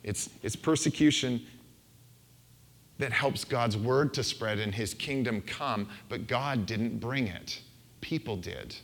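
A man's voice: medium pitch, slow, fairly bright tone. Playful, conversational male preacher. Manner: conversational and playful, acts out quoted voices. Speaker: pastor. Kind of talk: sermon. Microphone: handheld microphone.

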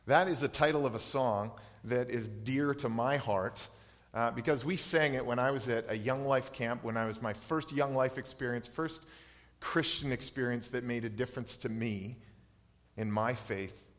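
A man's voice: mid-range voice, moderate pace. Man preaching in a reverberant hall. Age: 30s. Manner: earnest, personal, reflective preaching. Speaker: pastor. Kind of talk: sermon.

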